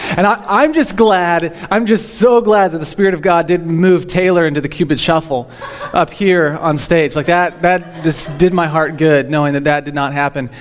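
A young man, a teaching pastor, giving a humorous, rambling sermon in church with frequent restarts. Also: on the high side. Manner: jokey, rambling, repeats words when starting sentences.

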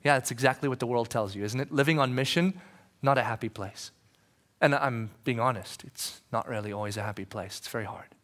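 Male pastor preaching in church, chatty style, keeps asking the crowd questions, goes quiet then loud. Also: mid-range voice, a little fast. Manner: conversational preaching, asks the congregation questions, swings from quiet to shouting. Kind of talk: sermon.

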